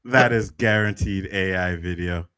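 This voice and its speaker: A man's voice: deep voice, unhurried, very noisy. A man talking casually as a podcast panelist, often repeating his words as he goes. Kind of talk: casual chat.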